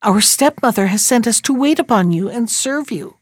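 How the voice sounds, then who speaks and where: Lady doing timid little kids, polite and high. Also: lively intonation, normal speed, a little mellow, no room sound, clean studio sound. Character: frightened polite young twins.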